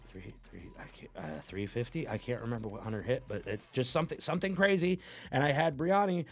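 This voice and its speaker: A man who coaches powerlifters, talking excitedly and emphatically in a reaction video and swearing a lot. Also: a little high.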